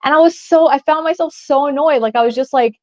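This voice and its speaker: A woman's voice: sits high, fast, dull audio. A young woman co-hosting a podcast, telling a story in a chatty way, with lots of filler words. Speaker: podcast co-host. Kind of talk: casual chat.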